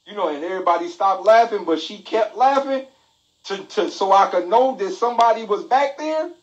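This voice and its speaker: Man host, comic storyteller, lively, somewhat high voice, phone-live feel. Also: a little fast, dull audio. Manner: animated, laughing, repetitive exclamations. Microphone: phone mic.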